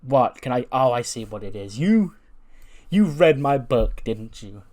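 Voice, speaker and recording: A man's voice: mid-range voice, normal speed, a little mellow, natural voice. A man voicing a cocky bragging lady wrestler. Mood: boastful. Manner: arrogant, bragging. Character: cocky boastful female wrestling star.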